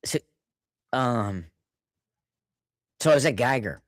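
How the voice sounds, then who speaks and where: Chuckling middle-aged man, lively pitch. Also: slow pace, dry recording. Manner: chuckling, rambling anecdotes. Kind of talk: casual chat.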